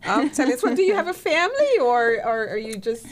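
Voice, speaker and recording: A woman's voice: high voice, very animated, fairly quick, a crowd in the background. A woman co-hosting a casual local talk show for a chamber of commerce, who chimes in with eager agreement.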